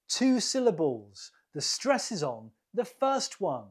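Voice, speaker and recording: A British woman leads an English quiz, stretching each word out at a very slow, careful pace. Her voice has a breathy, slightly husky edge, and her pitch moves up and down a lot as she repeats answers for learners. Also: very animated. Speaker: English teacher hosting a quiz. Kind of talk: slow, clear quiz teaching.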